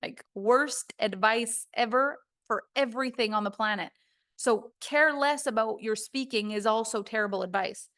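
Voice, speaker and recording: A woman's voice: fairly high pitch, moderate pace, a bit bright. A woman voice coach giving a recorded course lesson, talking emphatically and acting out quoted voices.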